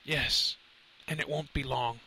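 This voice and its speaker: A man voicing a weak, fading male professor near collapse who speaks in breathy, shallow, hushed warnings, higher and softer than his narrating voice. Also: steady tone, a little slow, slight background noise, rough recording.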